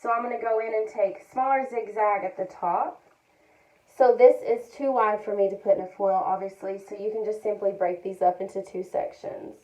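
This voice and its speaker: A woman with a mellow, warm voice walks through a technique step by step. She talks in a calm, methodical way and comes back to her key points again and again. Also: mid-range voice, moderate pace, low-quality recording. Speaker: hair color educator. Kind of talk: step-by-step tutorial narration.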